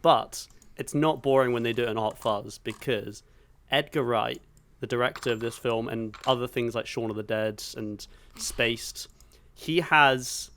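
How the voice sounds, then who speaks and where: A man's voice: medium pitch, a bit bright. A man co-hosting a podcast in casual chat, enthusiastic and sweary, acting out film moments with sound effects. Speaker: podcast co-host.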